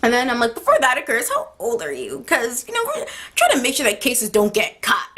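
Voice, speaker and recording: A teenage girl talks straight to her viewers in a casual storytime vlog. Her pitch jumps all over as she acts out both sides of a text chat, and she laughs through her own story. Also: wildly swooping pitch, normal speed, bright, forceful tone. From United States. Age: teens. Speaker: vlogger.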